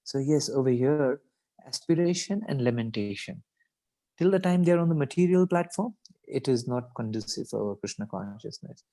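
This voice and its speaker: A man's voice: medium pitch, expressive, moderate pace, dark tone, rough recording. A man giving a reflective devotional talk at a scripture reading, thoughtful and rambling, with many "you know" asides. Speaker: guest speaker at a scripture reading.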